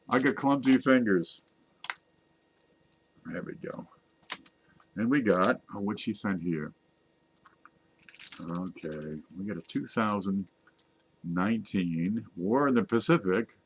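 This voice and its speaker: Deep-voiced man chatting about coins. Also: takes it slowly, pauses often, slight background noise. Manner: chatty, self-mocking, talks to viewers while zooming in on images. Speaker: coin collecting video host. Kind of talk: casual screen-share show-and-tell.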